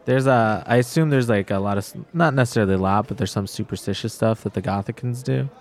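Low-voiced man playing a tabletop game. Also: quick pace. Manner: relaxed, laughing, chatty. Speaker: player. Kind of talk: casual tabletop game play.

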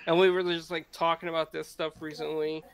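A man's voice: on the high side, little pitch movement, brisk, smooth. A man chatting casually and rambling about family stories, laughing often and restarting his sentences. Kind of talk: casual chat.

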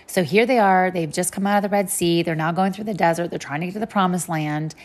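Chatty woman teaching the Bible. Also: on the low side. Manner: chatty, animated, acts out quick voices for God and people.

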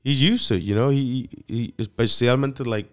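Male co-host at a mid-range pitch, playful and loose, with casual swearing and Spanish words mixed in. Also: normal speed, clean tone. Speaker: podcast co-host. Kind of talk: casual chat.

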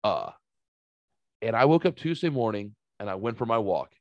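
A man in his forties, a podcast host telling casual stories in an animated way, swearing freely and jumping higher when excited. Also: moderate pace, dry recording, highs cut off. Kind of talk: casual storytelling chat.

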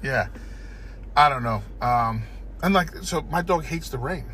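A man's voice: mid-range voice, expressive, measured pace, pushed and bright, slight background noise. A man in casual chat, telling a rambling story with lots of swearing, recorded in a car. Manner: storytelling with lots of swearing, acts out panicked ant voices. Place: inside a parked car.

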